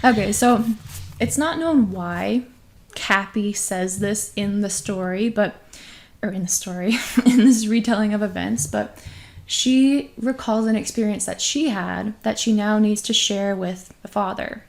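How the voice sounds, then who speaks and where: A woman's voice: mid-range voice, a little slow, creaky. A woman co-hosting a casual podcast, retelling an eerie story and laughing often as she talks. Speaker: podcast co-host.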